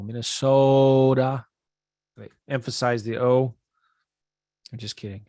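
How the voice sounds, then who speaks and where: Energetic man coaching on a live webinar. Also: medium pitch, no room sound, clean studio sound. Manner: casual, energetic, talks straight to viewers. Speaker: real estate investing coach. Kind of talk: live webinar screen-share teaching.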